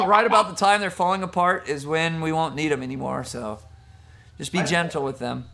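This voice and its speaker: High-voiced joking jiu-jitsu coach. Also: male voice, normal speed, vocal fry, bright, forceful tone, slight background noise. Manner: joking, teasing coach giving technique corrections. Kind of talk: online class instruction. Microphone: video call.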